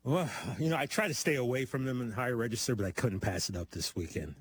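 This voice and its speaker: A man's voice: mid-range voice, very animated, quick pace, a little hiss or hum. A man joking casually about his football team's troubles. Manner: laid-back, joking. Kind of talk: casual sports chat.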